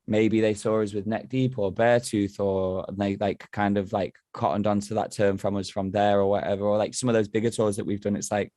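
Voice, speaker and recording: A man from England tells animated stories in casual chat, rambling and swearing freely. His voice sits a little low, and it is recorded close and dry with no room sound. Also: brisk, few pauses, no room sound. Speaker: podcast guest, band member.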